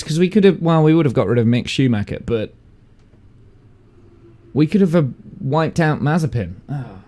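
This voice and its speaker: A man's voice: mid-range voice, a little mellow. A man streaming live who chats through a racing game in a rambling way, laughing and swearing. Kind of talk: live gameplay commentary.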